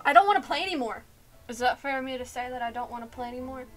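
A woman's voice: sits high, lively intonation, racing, soft background music. A young woman playing a horror game on her channel, nervous and scared, repeating herself with shaky laughs, saying she feels lightheaded. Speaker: gaming YouTuber. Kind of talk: let's play commentary.

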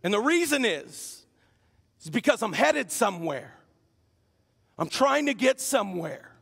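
High-voiced pastor joking through a sermon. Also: male voice, sing-song, measured pace, creaky, fairly bright tone, slightly rough. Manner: humorous, teasing the congregation. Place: church sanctuary. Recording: long hall reverb.

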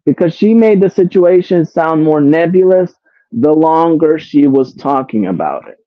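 A man's voice: a little high, expressive, moderate pace, no room sound. A man giving casual commentary to his live chat, exasperated, swearing and repeating himself as he keeps throwing rhetorical questions at his viewers. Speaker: commentary streamer. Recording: tinny phone-like sound, dry.

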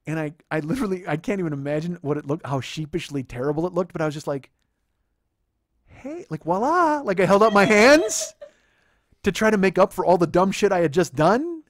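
A man, a comedian hosting his own show, telling a comic story in an animated way that builds to exasperated outbursts. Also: on the high side, fast talker, few pauses, no echo, studio quality. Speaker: comedian host.

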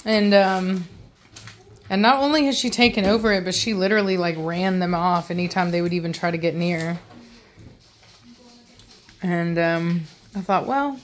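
A woman's voice: fairly low pitch, normal speed, long pauses, a little hiss or hum. A woman hosting a casual vlog about her puppies, chatting and slipping into cooing baby talk at them. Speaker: dog breeder and channel host.

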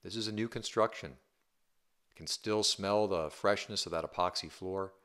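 A man's voice: sits low, normal speed, a bit bright. A male real estate agent talking a viewer through a home tour, upbeat and chatty, often checking in with "right?". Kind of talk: casual home tour walkthrough.

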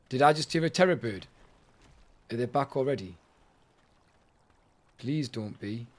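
A man giving casual, jokey let's-play commentary, talking to himself and to chat as he plays. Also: medium pitch. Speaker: gaming streamer.

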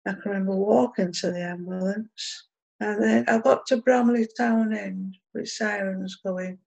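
A woman's voice: mid-range voice, steady tone, unhurried, creaky, a little mellow, poor audio. A middle-aged woman, plainly recounting a personal story in local dialect.

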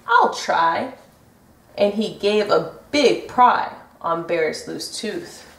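A woman reading a picture book aloud to children in a gentle, sing-song way. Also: on the low side, slow pace, gravelly, slight background noise. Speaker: storybook reader. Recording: roomy echo from a distant mic.

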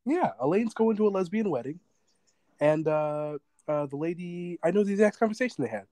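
Animated man chatting on a podcast. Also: sits high, fairly quick, dry recording. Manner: laughs often, animated storytelling. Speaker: podcast co-host. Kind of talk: casual chat.

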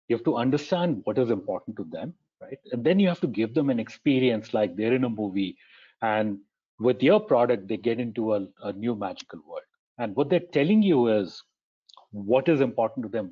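A man's voice: on the low side, husky, phone-quality sound. A man presenting a conversational webinar talk, posing rhetorical questions, answering them, and often checking in with "right?".

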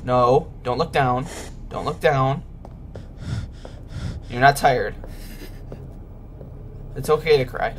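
A man narrating his own horror-game playthrough for viewers. His voice sits at an ordinary pitch, and he keeps nervously talking himself and his audience through each tense moment. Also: slow, pauses often, slight background noise. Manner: jittery, whispers reassurances to viewers. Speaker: gaming YouTuber. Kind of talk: let's-play commentary.

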